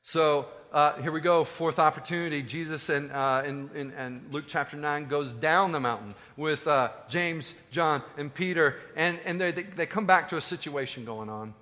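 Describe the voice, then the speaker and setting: Male pastor, sermon, animated and joking, fairly high voice, long hall reverb. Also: normal speed, hardly any pauses. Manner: animated, conversational, joking asides.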